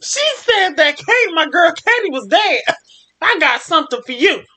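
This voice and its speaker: A woman's voice: very high voice, very animated, moderate pace, sharp tone. A young woman hosting a storytime show, reading a fan story aloud and reacting with laughs. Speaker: storytime host.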